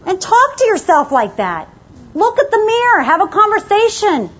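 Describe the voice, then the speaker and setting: Woman motivational speaker, high-pitched and emphatic, urging her audience on; dull, muffled recording. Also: very animated, moderate pace, fairly bright tone. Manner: emphatic, exhorting, repeats short commands. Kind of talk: motivational talk to a live audience.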